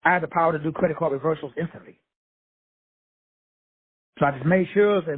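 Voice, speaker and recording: A man's voice: fairly high pitch, quick pace, long pauses, husky. Brash profane man on a phone line. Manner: profane, brash, streetwise preaching. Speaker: motivational teacher. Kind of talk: blunt motivational talk. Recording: phone-line call audio.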